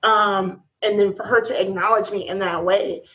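A woman guest in a casual talk about faith, telling stories in a slangy, lively way with frequent laughter. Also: medium pitch, normal speed. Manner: animated storytelling with laughs. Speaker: podcast guest. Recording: dull lo-fi sound.

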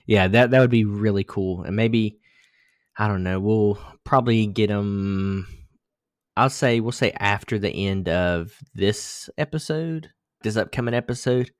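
Low-voiced man in loose casual chat. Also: unhurried, dry recording, clean studio sound. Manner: loose and rambling, swears casually. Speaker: podcast co-host.

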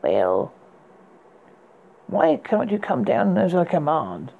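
A man's voice: high voice, wildly swooping pitch, takes it slowly, vocal fry, narrow, tinny audio, heavily acted. A man reading aloud and voicing an arrogant, roguish young prince who gives commands haughtily. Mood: commanding.

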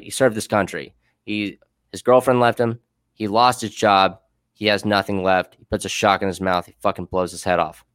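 A young man, a former military police officer, telling a story in a fast, profane and impassioned way during a casual conversation. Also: fairly low pitch, dry recording. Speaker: podcast guest, former Army MP officer.

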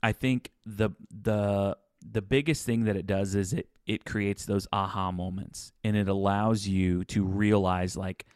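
A man with a low voice talks in a casual podcast conversation, relaxed and prone to restarting his sentences. The sound is dry and close, with no room around it. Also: unhurried, few pauses, smooth, no room sound. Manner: relaxed, repeats and restarts words. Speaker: podcast co-host.

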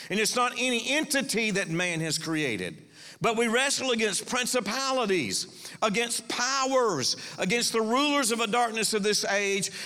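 A man's voice: sits high, sharp tone, in a large hall. A man preaching a sermon as pastor, emphatic and calling out to the congregation.

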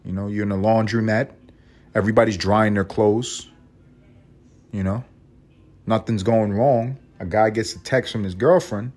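A man's voice: on the low side, steady tone, normal speed, a little mellow. A man hosting a podcast, talking in a rambling, profane, wry comedic monologue. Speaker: podcast host.

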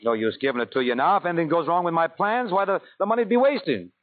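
An actor playing an easygoing, scheming young man in a 1940s radio comedy, talking in a relaxed, coaxing way. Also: on the high side, quick pace, close to an everyday voice. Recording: tinny 1940s radio broadcast with hiss.

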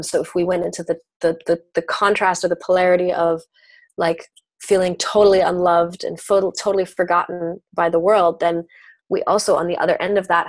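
A woman in her thirties, a podcast guest talking casually about spiritual growth, animated and full of "like" as she acts out inner voices. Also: fairly low pitch, no echo.

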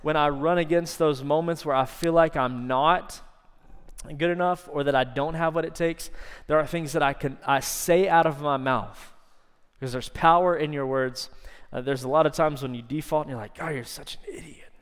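Smooth-voiced guy preaching, drags out words for emphasis, big echoey church. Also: fairly high pitch, steady tone, normal speed. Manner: emphatic, stretches key words, drops to soft intimate tones. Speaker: pastor. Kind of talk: sermon. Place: church sanctuary. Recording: long church reverb.

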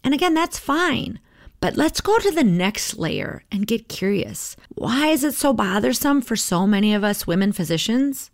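A woman's voice: a little high, very animated, normal speed, no room sound, studio quality. A middle-aged woman coach speaking in a conversational, reflective podcast monologue, often checking in with "right?".

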